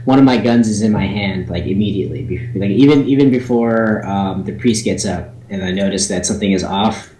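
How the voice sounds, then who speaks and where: A man's voice: on the low side, a little fast, few pauses, warm tone, echoey room, a little hiss or hum, rough recording. A man playing a tabletop game, describing his actions in a rambling, hesitant way full of ums. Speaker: player.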